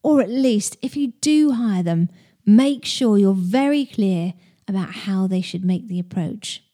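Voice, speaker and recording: A woman's voice: mid-range voice, expressive, measured pace, mellow. A woman who hosts a podcast, giving business advice in a chatty, direct way and explaining with stories and analogies. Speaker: podcast host.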